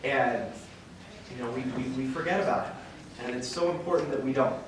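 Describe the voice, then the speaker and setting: A young man's medium-pitched voice moves briskly through an earnest, emotional faith talk he gives as a guest speaker to a parish group. He rambles, restarts, and chuckles as he goes. It was captured at a distance in a very echoey, noisy hall.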